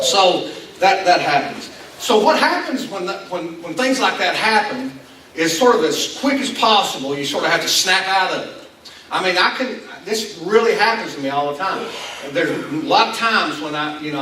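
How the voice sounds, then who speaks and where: Slightly high and lively in intonation, this man's voice comes out pushed and bright at a normal speed, with a little hiss or hum. He's a pastor from Appalachian Kentucky with a Southern accent, delivering a conversational sermon of rambling, self-deprecating tales with frequent restarts. The sound is echoey and distant, from a school venue doubling as a church hall.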